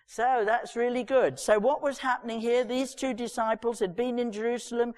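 A woman giving a sermon, reading scripture and retelling it with lively, chatty asides. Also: fairly high pitch, normal speed. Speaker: preacher. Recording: long reverb of a large hall.

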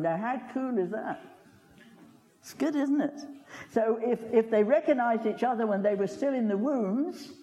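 An older man preaching in a long-reverb church hall, his voice darkly mellow and lively in pitch. He talks in a folksy, chatty way, with asides and questions to his listeners. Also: lo-fi sound. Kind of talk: sermon.

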